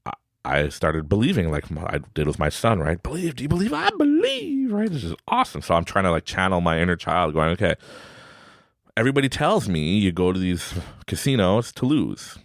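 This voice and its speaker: A man in his thirties from Canada, hosting a podcast and telling a family story in a casual, animated way, giggling and acting out his son in a high voice. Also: brisk, no room sound, studio quality. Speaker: podcast host.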